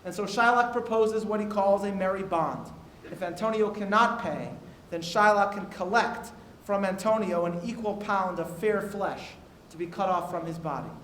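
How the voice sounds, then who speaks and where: A man's voice: high-pitched, moderate pace, hardly any pauses, fairly bright tone. A man moderating a university discussion, reading out prepared remarks and quotations, with frequent "uh" fillers between phrases. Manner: reads quotes aloud with frequent "uh" fillers. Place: university auditorium. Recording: echoey hall with faint noise.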